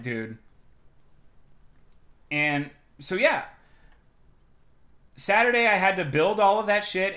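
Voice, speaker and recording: Casting note: young male streamer, mid-pitched, swears a lot, animated storytelling that jumps into loud outbursts. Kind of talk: casual stream chat.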